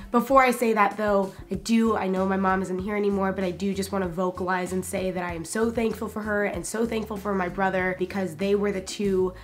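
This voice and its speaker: A woman in her twenties talking to her viewers in a casual vlog, her voice hoarse and scratchy from illness. She speaks in a chatty, candid way. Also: mid-range voice. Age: 20s. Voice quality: raspy like a smoker. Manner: chatty and candid, with small laughs. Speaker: YouTuber. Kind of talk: casual vlog talk to camera.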